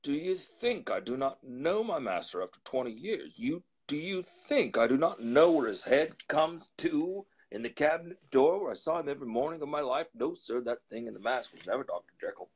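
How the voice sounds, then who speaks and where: A man voicing a frightened old butler, husky and pleading. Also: on the high side, big pitch swings, moderate pace, hardly any pauses, dull audio, pitched above the performer's own voice. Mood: urgent. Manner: urgent, pleading, with whispered asides. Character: frightened loyal older male butler. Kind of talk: live storytelling reading.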